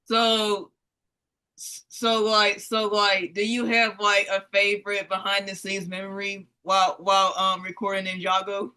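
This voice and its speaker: A woman's voice: medium pitch, monotone, a little slow, bright, forceful tone, clean tone, rough recording. A woman hosting a casual interview, speaking hesitantly and repeating words before her questions. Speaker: host.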